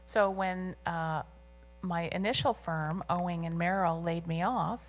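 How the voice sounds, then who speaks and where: A woman interpreting a deaf guest's signed answers aloud in an interview, with a measured and slightly halting delivery. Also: on the low side, steady tone.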